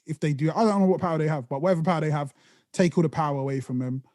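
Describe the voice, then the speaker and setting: Brief: male podcast co-host, fairly high voice, swears a lot, rambles, dry sound. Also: racing, no echo. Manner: sweary, rambling and animated, with put-on voices for mocking. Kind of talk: casual podcast chat.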